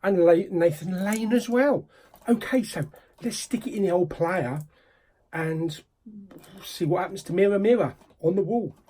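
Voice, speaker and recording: A man's voice: high voice, a little slow, dark tone. A man hosting a casual, jokey unboxing vlog, often dropping into whispered asides. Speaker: YouTube host.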